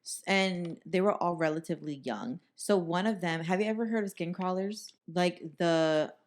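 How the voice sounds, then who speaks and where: A young woman co-hosting a podcast, telling ghost stories in casual chat, animated and swearing freely as she acts out what people said. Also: on the low side, normal speed. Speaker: podcast co-host.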